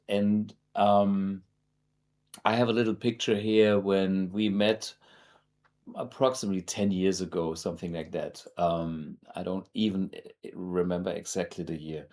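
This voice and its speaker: A German man hosts a guitar show, speaking casually to the camera in English with lots of fillers and restarts. His voice is lowish and a little mellow.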